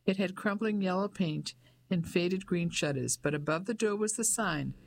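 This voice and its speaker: Audiobook narrator for a period mystery, even and steady delivery. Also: mid-range voice, moderate pace, creaky, slight background noise.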